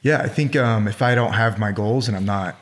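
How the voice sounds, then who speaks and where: A young man as a podcast guest, talking candidly and easygoingly, often trailing off softly. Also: on the low side, fairly quick. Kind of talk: casual podcast chat.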